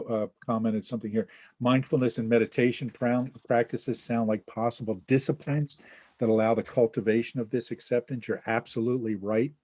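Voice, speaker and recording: A man with a fairly low, mellow voice and no echo hosts a webinar as an Enneagram teacher. He teaches casually, acting out little example scenes with quoted voices and scattering in many fillers and asides.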